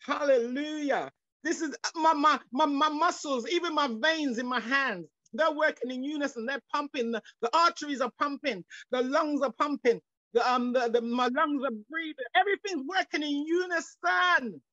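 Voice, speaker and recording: Woman preacher on a zoom call, high voice, fervent, keeps repeating and restarting, muffled lo-fi sound. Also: moderate pace, a bit bright, no room sound. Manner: fervent, repetitive, stumbling restarts, rising into exclamations. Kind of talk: sermon. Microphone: video call. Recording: dull lo-fi video call audio.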